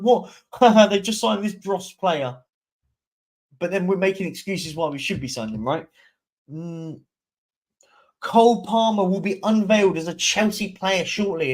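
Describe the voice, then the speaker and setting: A young man hosting a live stream, chatting casually and answering viewer comments as they come in. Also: a little high. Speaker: livestream host.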